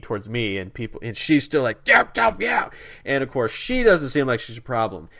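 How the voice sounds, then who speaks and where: A man co-hosting a podcast, telling a story in a casual, animated way with many asides. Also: mid-range voice. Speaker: podcast co-host.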